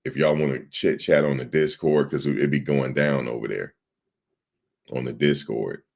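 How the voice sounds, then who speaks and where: A man's voice: very deep voice, fairly even intonation, normal speed, vocal fry, darkish tone. A man hosting a livestream, rambling in casual chat and talking straight to his viewers in the chat. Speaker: livestream host.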